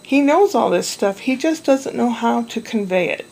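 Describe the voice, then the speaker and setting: Rambly woman vlogging, bit of fry in her voice, just chatting along. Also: a little high, expressive, moderate pace, a little mellow, poor audio. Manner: meandering, chatty storytelling. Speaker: vlogger caring for a toddler. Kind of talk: rambling casual chat.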